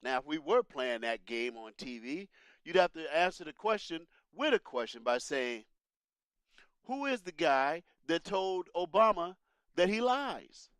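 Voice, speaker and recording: A high-voiced man hosts a laid-back commentary show. He talks straight to his listeners with a preachy, animated delivery, his pitch swinging widely. The recording is dry and close, with no room sound. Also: a little slow, clean tone, no echo. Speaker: political commentary host. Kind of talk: casual political commentary.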